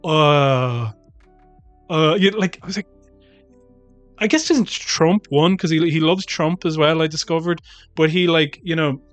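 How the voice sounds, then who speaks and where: A man co-hosting a podcast, rambling and animated in casual chat, swearing freely. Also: fairly high pitch, moderate pace, dry recording, soft background music. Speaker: podcast co-host.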